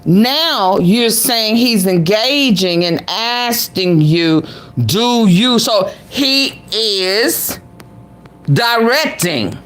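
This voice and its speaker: A woman's voice: medium pitch, animated, very slow, a bit bright. A woman vlogger giving reaction commentary, sassy and exclamatory, talking back at the clip she plays.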